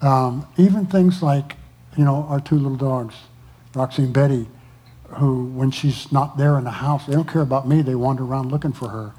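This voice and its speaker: A pastor speaking to his congregation, exhorting people not to go through hard times alone and pausing often with fillers. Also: medium pitch, dark tone, husky. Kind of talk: testimony to a church congregation.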